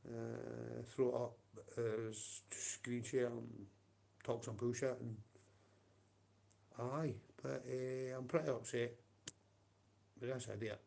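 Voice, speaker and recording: A man's voice: mid-range voice, level tone, takes it slowly, vocal fry, pauses often, a little mellow. A man with a Scottish accent ranting on a livestream, profane and confrontational, with blunt taunts.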